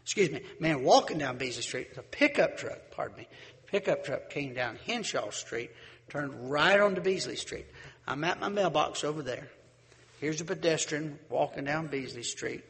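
A preacher giving a sermon, folksy and animated, telling a story and acting out the people in it. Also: male voice, a little high, normal speed, big-room sound. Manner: folksy, animated storyteller who acts out voices.

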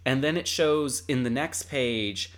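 A man's voice: mid-range voice, a little slow, fairly bright tone. A man co-hosting a casual chat, recapping a story in an easygoing, rambling way with lots of fillers. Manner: chatty, with frequent fillers. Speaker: podcast co-host.

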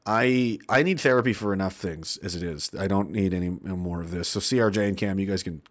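A man hosting a live stream, reading chat and ranting sarcastically, swinging between loud and soft. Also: low-pitched, brisk. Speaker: livestream host.

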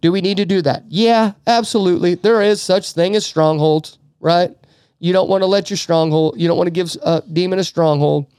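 A man's voice: sits high, moderate pace, darkish tone, clear, resonant tone, no echo, studio quality. A middle-aged man hosting a podcast, telling an emotional faith story in casual talk with many restarts and fillers. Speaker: podcast host.

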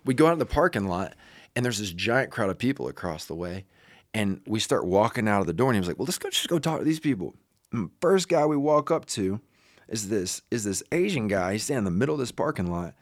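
A man's voice: lowish voice, very animated, fast talker, dry recording, clean studio sound. A young male preacher telling a personal story in a loose, casual way with many fillers.

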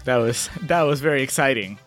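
A man's voice: medium pitch, expressive, fairly quick, a bit bright, soft background music. Man guest thinking aloud. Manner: thinks aloud, hesitant with restarts. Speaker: podcast guest. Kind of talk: casual podcast game chat.

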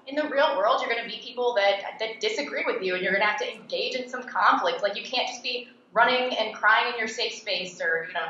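A woman who is a political commentator and podcast host, answering interview questions in a blunt, sarcastic and animated way. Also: a little high, slight background noise. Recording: echoey, dull-toned room recording.

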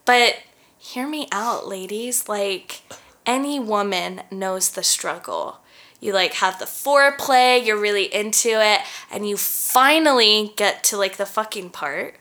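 A woman co-hosting a casual podcast. Her voice is bright and sharp. She talks candidly and giggles through her jokes. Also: mid-range voice, animated, a little slow. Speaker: podcast co-host.

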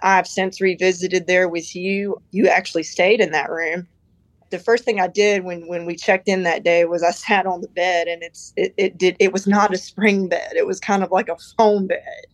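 A woman's voice: lowish voice, little pitch movement, normal speed, dry recording, poor audio. A woman on a podcast as a guest, telling a personal story in a chatty, rambling way with lots of "you know" and "like". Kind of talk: casual storytelling.

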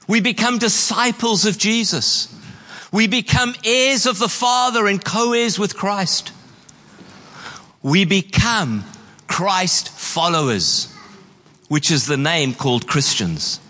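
A man preaching a sermon as pastor, leaning on slow emphatic words and acting out quoted lines. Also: high-pitched, pushed and bright, long reverb tail. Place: church hall.

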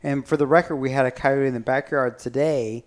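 A man's voice: mid-range voice, steady tone, fairly quick. A man telling a family story in casual chat, teasing and rambling as he goes.

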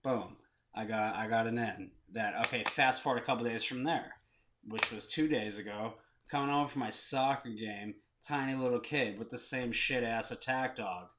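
A man's voice: medium pitch, normal speed, fairly bright tone, slight background noise. A young man co-hosting a podcast, rambling through a story in casual chat and acting out the voices of the people in it. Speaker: podcast co-host.

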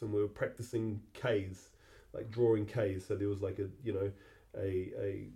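A middle-aged man, hosting a podcast and telling a personal memory in a halting, reflective way that often repeats words. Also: lowish voice, dark tone. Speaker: podcast host.

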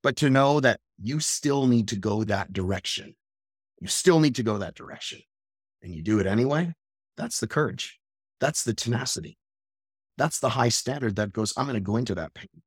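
A man's voice: medium pitch, animated, moderate pace, breathy edge, dry recording. Intense, profane man in a dry room. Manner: rises to loud ranting. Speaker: podcast host. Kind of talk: motivational monologue.

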